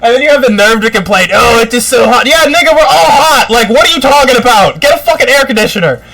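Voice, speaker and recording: A man's voice: very high-pitched, fast, crowd noise, low-quality recording. A man co-hosting a podcast, ranting in casual chat with lots of swearing and mocking impressions. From United States. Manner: animated, profane ranting with mocking put-on quotes. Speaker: podcast co-host.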